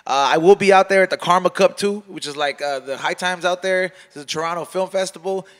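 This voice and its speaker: A man with a high, quick voice hosts a casual podcast. He fires off profane slang and mixes in bits of Spanish as he chats with his guests. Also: fairly bright tone. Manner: fast, profane, slangy street talk mixing in Spanish. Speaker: podcast host. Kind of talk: casual chat.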